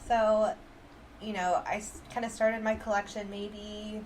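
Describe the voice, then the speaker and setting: A woman co-hosting a casual chat podcast from her apartment, telling stories in an animated way, acting out quotes and laughing often. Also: medium pitch, measured pace, slight background noise, low-quality recording. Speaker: podcast co-host.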